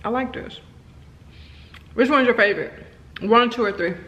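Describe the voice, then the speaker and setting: A woman's voice: a little high, normal speed, bright, forceful tone. A woman filming a casual home vlog, chatting playfully with her kids and dog. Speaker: vlogger. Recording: echoey room with faint noise.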